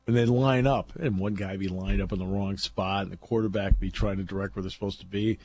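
A man's voice: deep voice, steady tone, quick pace, a little mellow, a little hiss or hum. A man talking football in casual chat, chatty and laughing often as he tells stories. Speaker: football analyst.

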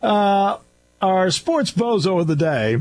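A man's voice: high-pitched, very animated, takes it slowly, noisy background. A man hosting a talk radio show in a studio, delivering an opinionated, sarcastic and scolding monologue.

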